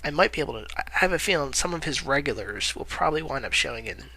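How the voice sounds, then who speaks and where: A man chatting casually through movie news in a vlog, his voice very bright and sharp at a middling pitch. He rambles, drops frequent "uh"s and corrects himself mid-sentence, with a wry, self-amused manner. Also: lively intonation, fast, low-quality recording. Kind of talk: casual commentary.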